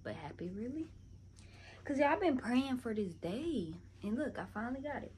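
A young woman vlogger chats with her viewers in a casual get-ready-with-me video, constantly calling them "y'all." Her high-pitched, darkish voice swings widely in pitch at a moderate pace. Passing vehicles can be heard in the background noise.

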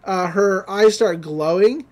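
A podcast host giving a casual, giggly recap of a cartoon episode, retelling scenes in an animated way. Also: mid-range voice, takes it slowly.

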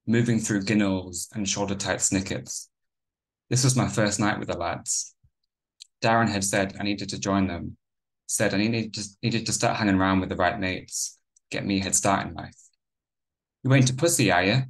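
A man reading his own novel aloud in a measured first-person narration. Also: on the low side, fairly even intonation.

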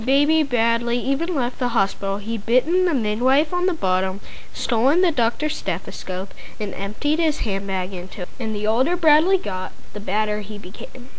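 A woman reads a children's story aloud in a fairly high voice. She often trips over a word and starts it again. A faint hiss runs under the recording. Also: low-quality recording. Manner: stumbles and restarts words while reading.

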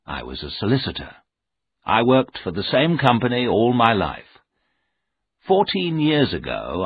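Slow husky male storyteller. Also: low voice. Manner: slow, expressive, with lively rise and fall. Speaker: audiobook narrator. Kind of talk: scripted story narration. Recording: narrow tinny sound.

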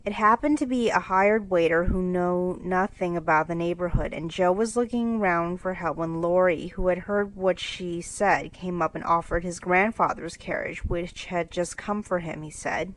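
A woman narrating a classic storybook in a steady, clear reading for English learners. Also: fairly low pitch, moderate pace, few pauses, low-quality recording.

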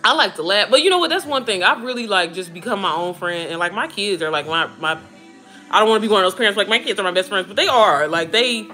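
A woman in her thirties chatting casually to her viewers, animated and talkative, calling them girl and baby. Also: mid-range voice, quick pace, faint music behind. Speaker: vlogger talking to viewers while cooking. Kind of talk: casual chat.

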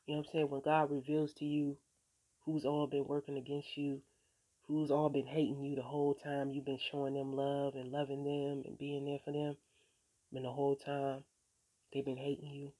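A woman's voice: extremely low pitch, monotone, moderate pace, warm tone. Woman just chatting to the camera about god, chill and streetwise, kinda preachy, cusses casually, keeps saying you know what i'm saying. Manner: encouraging, preachy, swears casually. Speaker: vlogger. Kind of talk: casual faith-filled vlog monologue.

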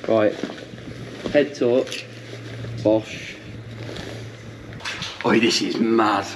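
A man vlogging as he explores an underground mine, talking in an excited, chatty way, recorded on an action camera. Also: fairly low pitch, very slow, recorded from a distance. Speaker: adventure vlogger. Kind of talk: casual exploring vlog. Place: inside a wet underground mine. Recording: running water noise, cave echo. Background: running and dripping water.

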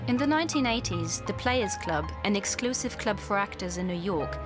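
A woman reading documentary narration in an even, measured way. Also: medium pitch. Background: music score.

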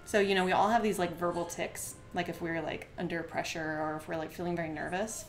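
A woman chatting quickly with lots of filler words while she works on a craft during a live stream, now and then counting softly under her breath as she stands at her desk at home. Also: fairly low pitch, steady tone. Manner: fast-talking with many filler words.

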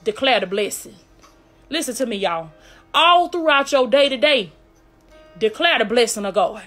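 A woman's voice: a little high, expressive, moderate pace, a bit bright, soft background music. A woman preaching a fervent live-streamed sermon with a call-and-response cadence, repeating "glory be to God" between lines.

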